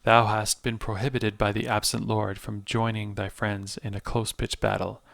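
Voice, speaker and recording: A man's voice: fairly low pitch, little pitch movement, vocal fry, a bit bright, no echo. A man putting on an ancient mysterious fortune-teller woman. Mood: solemn. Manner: slow solemn archaic speech in a put-on accent.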